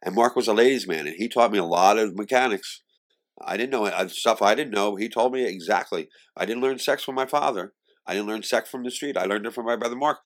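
A middle-aged man telling candid stories in an interview, animated, laughing often and moving between loud and hushed. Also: on the low side, brisk.

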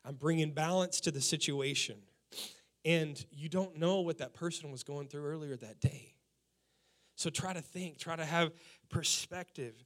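A male pastor preaching with a high, bright voice. His delivery is animated, and he leans on emphatic repetitions and direct questions to his listeners. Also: unhurried. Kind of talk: sermon.

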